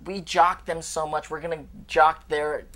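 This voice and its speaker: Guest actor, man, animated opinions, casual talk. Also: on the high side, a little slow. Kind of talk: casual chat.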